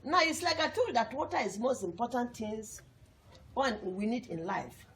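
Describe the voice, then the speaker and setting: A woman's voice: a little high, expressive, moderate pace, a bit bright. A woman teaching a lesson to young pupils, repeating points emphatically and asking the class questions.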